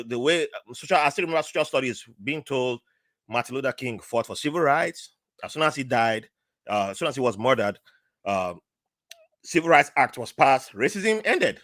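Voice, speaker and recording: A man's voice: no room sound, clean studio sound. A middle-aged man with a Nigerian accent, a podcast guest telling stories in casual conversation and acting out the people he quotes. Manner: animated, acts out quoted voices with big pitch jumps.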